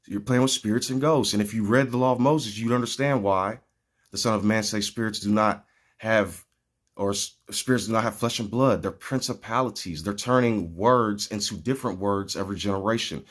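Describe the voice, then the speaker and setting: A man's voice: lowish voice, moderate pace. A man speaking in an earnest, meandering spiritual monologue that moves from a cartoon retelling into preaching.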